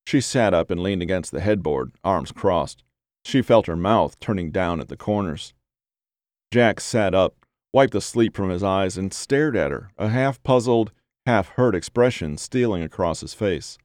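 Man, storybook narration, low voice, steady, measured, dry recording. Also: no room sound.

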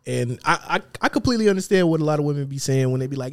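A man co-hosting a podcast who talks at a middling pitch, weighing his words and letting sentences sink low and quiet. The recording is close and dry. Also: lively intonation, no echo. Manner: measured, hedging, trails off quietly. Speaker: podcast co-host. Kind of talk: casual podcast chat.

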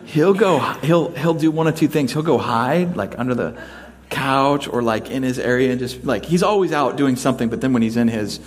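A man's voice: medium pitch, moderate pace. Conversational man preaching a sermon. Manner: conversational, folksy, humorous. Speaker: pastor.

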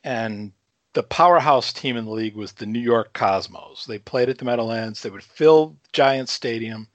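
A man in his fifties from Chicago, guest on a casual talk show, telling a story with lively energy, swearing freely and chuckling between lines. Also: medium pitch, normal speed, no echo, highs cut off. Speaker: podcast guest.

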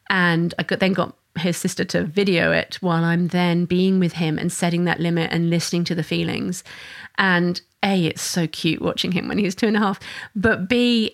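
A mother and parenting educator giving an earnest, flowing solo talk, often restarting her sentences. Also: fairly low pitch. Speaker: mother of a young son.

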